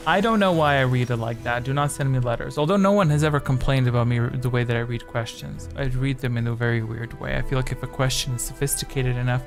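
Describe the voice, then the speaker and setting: Guy streaming a quiz, just rambling and joking between questions, mid pitch, faint music under him. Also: fast, creaky, few pauses. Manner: rambling, chatty, jokey asides. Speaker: streamer hosting a quiz game. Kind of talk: casual live-stream chat.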